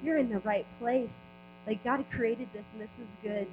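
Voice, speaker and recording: A woman's voice: fairly high pitch, moderate pace. A woman at a church service sharing an earnest, rambling testimony, repeating and stumbling over her words. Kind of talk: spontaneous testimony. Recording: dull sound with a clear mains hum.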